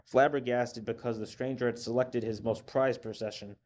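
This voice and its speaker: A man with a mid-range voice reads a story aloud in steady, measured narration. The recording is dull and lo-fi, with a faint hiss.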